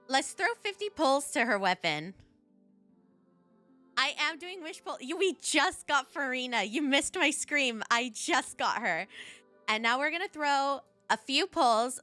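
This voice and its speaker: High bright excitable woman streamer. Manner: excitable, squealing with joy, talks to chat. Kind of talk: live game streaming chat.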